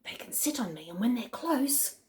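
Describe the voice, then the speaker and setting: A woman putting on a greedy storybook crocodile, a sly male villain who gloats and whispers his plans. The voice swings between low, hushed muttering and high, gleeful squeaks. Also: big pitch swings, moderate pace. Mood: scheming whisper.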